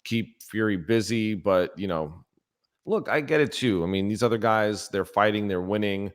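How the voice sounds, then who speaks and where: A man's voice: fairly low pitch, moderate pace. A man co-hosting a casual boxing chat, blunt and opinionated, repeating his points. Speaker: boxing podcast co-host.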